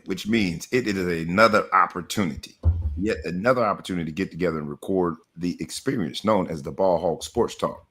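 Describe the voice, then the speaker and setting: Energetic deep-voiced male podcast host. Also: brisk, husky. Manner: energetic, rhythmic hype delivery. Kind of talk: hyped podcast hosting.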